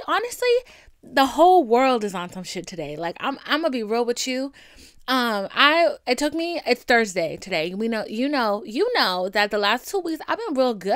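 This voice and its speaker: A woman's voice: medium pitch, a bit bright, clean tone, no echo, clean studio sound. A young woman hosting her own podcast, venting in a candid, chatty and profane way full of asides. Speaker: podcast host. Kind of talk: casual solo venting podcast.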